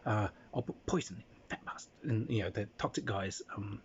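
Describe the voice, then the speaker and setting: A man's voice: fairly low pitch, brisk, husky, dull audio. A man telling a playful anecdote about a tabletop game, slipping into character voices. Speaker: storyteller recounting a tabletop game. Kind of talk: casual anecdote with acted-out voices.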